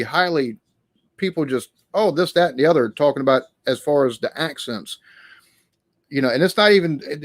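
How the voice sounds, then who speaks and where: A man's voice: a little high, dry recording. A man hosting a casual live-stream Q&A, talking in a rambling, hesitant way with many restarts.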